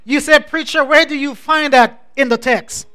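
A man preaching a sermon as pastor, building through repeated refrains that rise in a preaching cadence. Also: very high voice. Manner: repetitive, rising preaching cadence; measured, soft-spoken scripture introduction.

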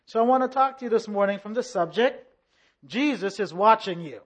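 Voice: mid-range voice, expressive, a little fast. Emphatic preacher leading a sermon. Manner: call-and-response, rhythmic repetition. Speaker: pastor.

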